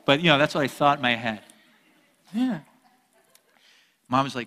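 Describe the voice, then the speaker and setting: A man preaching a sermon, a lively storyteller with jokes who swings between loud and soft. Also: mid-range voice, normal speed, pauses often, big-room sound. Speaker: pastor.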